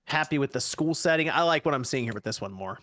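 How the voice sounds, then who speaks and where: A man's voice: mid-range voice, expressive, fast, bright, forceful tone, no room sound, studio quality. Upbeat man hosting a gaming show. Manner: upbeat, laughs often. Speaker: podcast host. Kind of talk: casual gaming chat.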